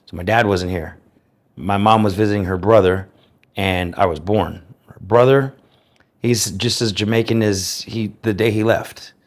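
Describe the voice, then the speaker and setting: An American man tells his personal story in an interview, reflective and earnest, enunciating carefully and clearly. His voice is fairly low and steady, and he speaks a little slowly.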